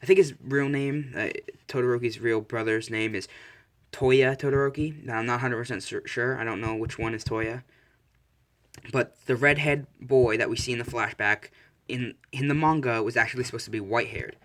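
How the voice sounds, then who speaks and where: A man's voice: medium pitch, fairly even intonation, moderate pace, fairly bright tone. A young man casually narrating a made-up fan story, rambling and correcting himself.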